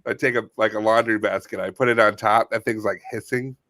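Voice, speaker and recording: A man's voice: on the low side, steady tone, brisk, a bit bright, no echo. A man co-hosting a comedy podcast, telling a rambling story in casual chat. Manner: rambling storyteller, playful bits. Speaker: podcast co-host.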